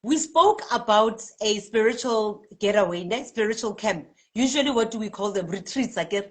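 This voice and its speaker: A South African woman hosting a live spiritual card-reading stream, reading out viewers' comments in a lively, chatty way and laughing often. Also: medium pitch, normal speed. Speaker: spiritual healer and card reader.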